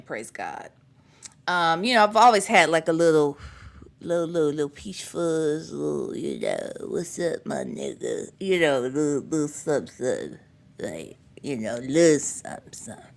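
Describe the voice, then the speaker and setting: A woman's voice: on the low side, fairly bright tone. A middle-aged woman hosting a casual livestream, greeting viewers by name and reading their comments aloud in a chatty, playful way. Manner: chatty and playful, laughs freely. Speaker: livestream host.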